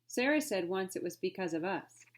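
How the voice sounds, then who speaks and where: A curious young boy speaks high and eager, as a woman reads him aloud. The storybook figure is excitable and quick to wonder. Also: close to an everyday voice.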